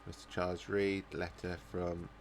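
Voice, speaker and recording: A man's voice: deep voice, flat delivery, moderate pace, slight background noise. A man casually commenting on a game he is playing, thinking aloud in a hesitant, rambling way, groggy from a nap and bothered by hiccups and burps. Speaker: gaming YouTuber. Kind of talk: casual let's-play commentary. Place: at home, recording without a camera.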